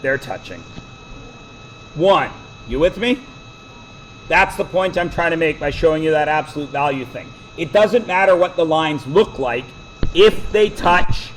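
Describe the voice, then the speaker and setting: A man teaching a math class, quizzing the students with quick questions and cracking jokes. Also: fairly high pitch, a little hiss or hum, poor audio. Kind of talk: classroom lecture.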